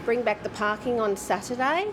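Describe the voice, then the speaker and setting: A woman's voice: fairly high pitch, normal speed. A woman gives a brief, upbeat news interview. A faint outdoor hum sits behind her voice.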